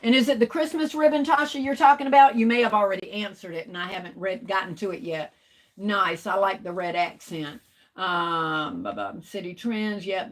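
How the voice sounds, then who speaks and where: A woman, chatting casually with viewers on a craft livestream and drawing out her words. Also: mid-range voice. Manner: chatty, drawn-out, talks to viewers. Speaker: craft vlogger.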